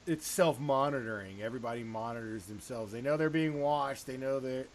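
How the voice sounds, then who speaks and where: A man's voice: mid-range voice, fairly quick, slight background noise. A man co-hosting a casual talk show, explaining ideas with wry asides. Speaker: podcast co-host. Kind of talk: casual chat.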